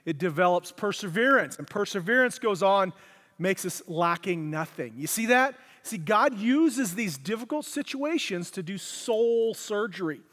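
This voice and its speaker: A man preaching a conversational sermon, acting out quotes with lively shifts in voice, recorded in a church. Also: high-pitched, a little slow. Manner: conversational, animated, acts out quotes. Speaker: pastor. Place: church hall. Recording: long hall reverb.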